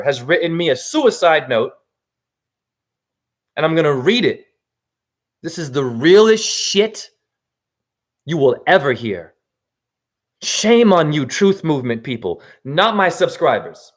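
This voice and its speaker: High, lively-voiced angry ranting man. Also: slow pace, long pauses. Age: 40s. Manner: angry, accusatory, emphatic ranting with profanity. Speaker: self-styled spiritual teacher. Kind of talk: ranting video monologue.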